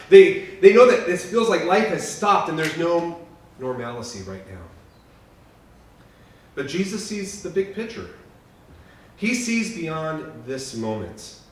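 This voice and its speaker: A man preaching at a memorial service, earnest and sweeping between loud peaks and hushed lines, in a lodge hall. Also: a little high. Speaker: pastor. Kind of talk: memorial sermon. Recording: echoey hall from far off, faint noise.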